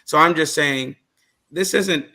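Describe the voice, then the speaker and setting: A man's voice: fairly high pitch, takes it slowly, bright, forceful tone. A man on a casual panel chat, telling a rambling story and losing track of names.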